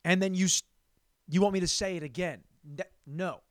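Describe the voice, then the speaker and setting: A man's voice: sits high, moderate pace, a bit bright, dry recording, clean studio sound. A young man hosting a comedy podcast, telling a crude, rambling story and repeating words for laughs.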